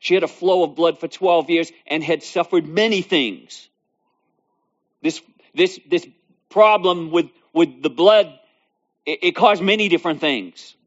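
Fairly high-pitched and a bit slow, this preacher reads from scripture before expounding on it. He repeats phrases and builds emphasis as he goes, and the recording is dull and lo-fi.

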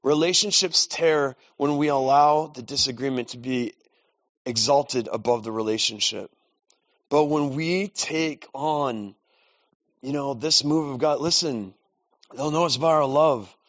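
A man's voice: mid-range voice, unhurried, a bit bright, dry recording. A man preaching in a casual, storytelling way, with self-deprecating asides. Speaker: pastor. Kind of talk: sermon. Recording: dull lo-fi dry recording.

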